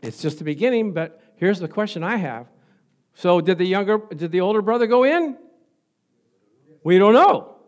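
A male preacher tells Bible stories in an animated way and leads soft, murmured prayer. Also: high voice, normal speed, long pauses. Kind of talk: sermon and prayer.

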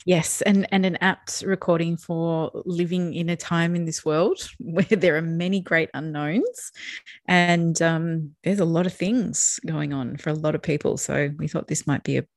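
In a relaxed podcast conversation, a middle-aged female co-host reflects openly on her emotions, warm and quick to laugh. She has a deep, steady voice and takes her time. The studio recording is clean, with no echo.

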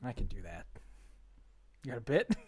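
Easygoing man with lively pitch. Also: normal speed, husky. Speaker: podcast co-host. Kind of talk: casual chat.

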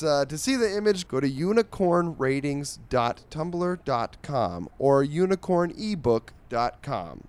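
A man's voice: on the high side, big pitch swings, a little slow, few pauses, a little mellow, clear, resonant tone. A man hosting a comedy podcast in a casual, rambling way, full of fillers and mock-earnest appeals. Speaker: podcast host.

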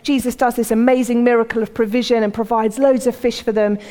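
A woman's voice: fairly high pitch, fairly even intonation, quick pace, dark tone. A woman giving a sermon in a conversational storytelling manner, acting out the voices in the stories she tells. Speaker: preacher. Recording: long hall reverb.

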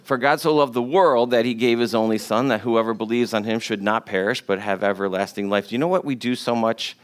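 A pastor preaches to his congregation in a medium-pitched voice, speaking a little fast. His style is conversational: he jokes with the listeners and repeats words for emphasis.

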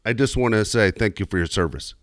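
A man's voice: lowish voice, animated, no room sound, studio quality. A middle-aged man co-hosting a radio show, cracking crude jokes in casual banter. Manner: fast, wisecracking, crude jokes. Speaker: radio co-host.

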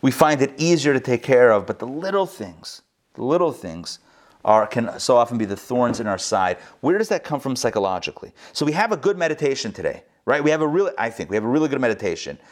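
A man's voice: mid-range voice, big pitch swings, fast. A rabbi teaching a live class, talking animatedly and often turning to his listeners with rhetorical questions. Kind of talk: live Torah lesson. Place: recorded live at a school.

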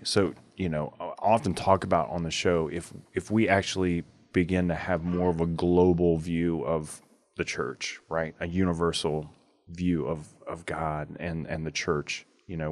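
A man hosting a podcast in casual chat, telling stories loosely with many filler words. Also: sits low. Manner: rambling, full of filler words. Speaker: podcast host.

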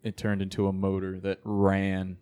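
A man chatting casually as a podcast co-host, telling jokes with a deadpan delivery. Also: sits low, normal speed. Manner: deadpan, joking. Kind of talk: casual banter.

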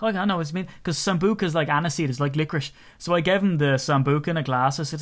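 A young Irish man co-hosting a sports podcast, his voice sitting a little higher than most men's. He rambles through loose anecdotes and chuckles at his own stories in easy, casual chat. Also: very fast, hardly any pauses. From Ireland. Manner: rambling storyteller, laughs often. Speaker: podcast co-host.

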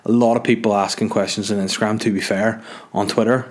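Young Northern Irish man, slightly low voice, for a loose, self-mocking solo podcast monologue. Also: flat delivery, fast talker. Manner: rambling, jokey, self-mocking. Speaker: podcast host. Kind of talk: casual solo chat.

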